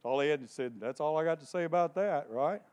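His voice a little high and his delivery brisk, a man gives an impassioned sermon, repeating key phrases and veering from soft hush to full shout.

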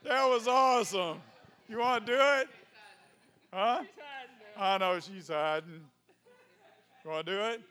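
A man, a pastor preaching fervently to his congregation, speaking in tongues, shouting calls and dropping folksy asides. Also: high voice, measured pace, pauses often. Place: church sanctuary with congregation. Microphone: handheld microphone.

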